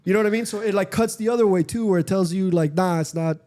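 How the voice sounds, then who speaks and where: Chill guy host rambling on his podcast, mellow warm voice, lots of likes. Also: high voice, very fast. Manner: rambling, frequent fillers and profanity. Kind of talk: casual chat.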